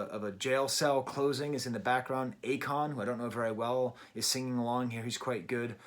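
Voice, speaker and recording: A middle-aged man giving a casual, emphatic and wry album review from his daughter's bedroom at home. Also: medium pitch. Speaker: music reviewer.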